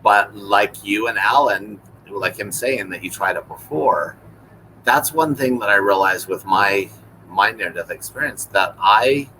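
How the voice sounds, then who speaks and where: A man's voice: on the low side, pushed and bright, a little hiss or hum, poor audio. A man who is a guest on a live stream, talking reflectively and hunting for his words. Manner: searching for words, halting and reflective. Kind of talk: casual live-stream conversation. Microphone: video call.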